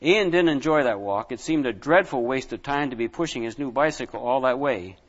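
A man reading a story aloud to children, speaking slowly and deliberately and asking his listeners questions. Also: mid-range voice. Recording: dull lo-fi with long reverb.

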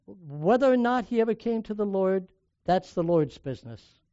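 A man's voice: high-pitched, animated, moderate pace, mellow, no room sound, dull audio. An older man from the United States preaching a sermon, telling personal stories in a conversational way and raising and dropping his volume for emphasis.

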